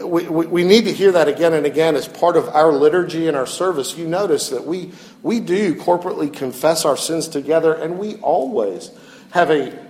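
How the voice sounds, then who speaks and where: A man preaching a sermon as a pastor, earnest and expressive, often restarting his phrases. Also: fairly high pitch.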